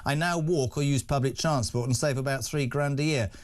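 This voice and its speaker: A man's voice: medium pitch, a little fast. A man hosting a live radio phone-in from a studio, chatty and reading listener messages aloud with frequent "uh" fillers.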